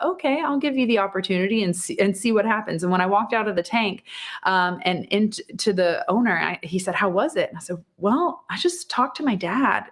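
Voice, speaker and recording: A woman in her thirties hosting a podcast, telling a personal story in a chatty, animated way and laughing often. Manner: chatty, animated, laughs often, jumps pitch for quoted speech. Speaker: podcast host and psychic medium. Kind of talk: casual storytelling monologue.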